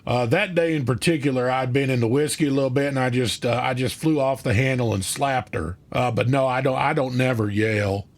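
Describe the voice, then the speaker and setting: A man playing a blunt, rough rural husband who talks in double negatives. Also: mid-range voice, a little fast, few pauses, close to an everyday voice.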